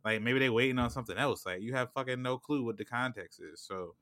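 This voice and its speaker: A man in casual chat, laid-back and profane, reacting quickly to a story. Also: medium pitch, a bit bright.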